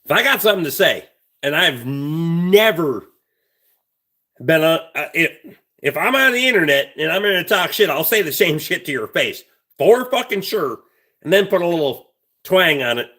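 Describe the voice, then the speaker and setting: A man with a bright, edgy tone and a slightly high voice, hosting a livestream. He rambles through stories in a blunt, heavily profane, casual way. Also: big pitch swings, normal speed. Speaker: livestream host.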